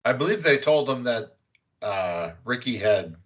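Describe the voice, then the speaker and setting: A man's voice: mid-range voice, expressive, measured pace, lo-fi sound. A man hosting a podcast, casually recapping a film with loose, rambling talk and the odd curse. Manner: rambling recap with fillers and profanity. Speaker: podcast host. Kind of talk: casual movie recap chat.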